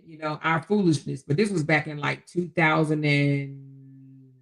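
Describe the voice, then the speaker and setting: A woman's voice: sits low, steady tone, unhurried, a bit bright. A middle-aged woman hosting a casual livestream, reading viewer comments in a folksy way, calling listeners baby and honey and chuckling often. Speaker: livestream host.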